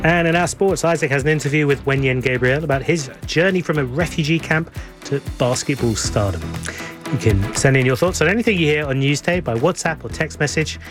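A man's voice: on the high side, fairly quick, over music. A man presenting a radio news show from the studio with an upbeat, welcoming delivery.

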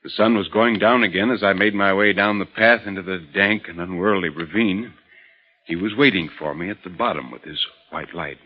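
An actor playing a calm, skeptical male visitor who also narrates, speaking in a measured, questioning way in an old-time radio drama. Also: low-pitched, breathy edge. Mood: somber. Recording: muffled old radio recording.

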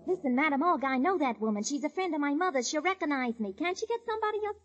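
A woman's voice: sits high, animated, very fast, in a large hall, highs cut off. A woman comedienne doing a slangy, wisecracking phone monologue in a 1940s radio comedy. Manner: brassy, slangy, wisecracking one-sided phone chatter. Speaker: comedienne, guest.

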